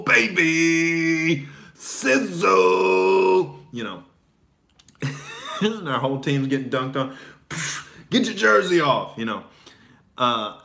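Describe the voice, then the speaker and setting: Bright-voiced man from Oklahoma. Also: medium pitch. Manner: loose and profane, laughs between thoughts, filler-heavy. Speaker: stand-up comedian guest. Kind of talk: casual chat.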